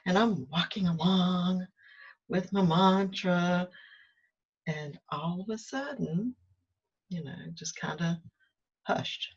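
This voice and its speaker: A woman thinks aloud on a morning walk, drifting through her thoughts in a loose, conversational way with long pauses. Her voice sits low and a little breathy. The sound is dull and lo-fi. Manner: musing, conversational, with drawn-out pauses. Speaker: meditation vlogger. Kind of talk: reflective spoken vlog. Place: outdoors on a walk.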